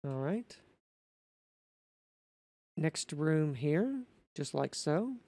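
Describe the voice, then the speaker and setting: A man talking through a building tutorial in an unscripted voice-over, methodical and halting, often correcting himself. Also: fairly high pitch, sing-song, mellow, no echo.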